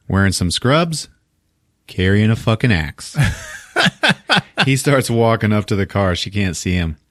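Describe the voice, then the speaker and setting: A man hosting a podcast, retelling a film plot in a casual, animated and profane way and acting out the characters. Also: on the low side, slow pace, pauses often, dry recording, clean studio sound. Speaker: podcast host.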